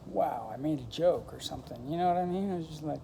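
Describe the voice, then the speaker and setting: Speaking fast in a low, gravelly, warm voice, a woman rambles casually to her camera. She drifts from thought to thought with lots of "like" and "you know," and the low-quality recording carries slight background noise.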